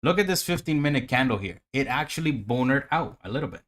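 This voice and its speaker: A man's voice: medium pitch, expressive, fast, a bit bright. Guy livestreaming day trades, swears a lot, gets hyped and rambles at chat, regular mid voice. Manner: profane, hyped, talks to himself and chat. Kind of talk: live trading commentary.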